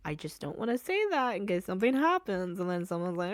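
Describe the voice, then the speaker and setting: A woman's voice: mid-range voice, lively intonation, fairly quick, no echo, clean studio sound. A woman hosting a casual solo podcast from home, rambling and giggling with self-deprecating asides. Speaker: podcast host. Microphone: podcast microphone.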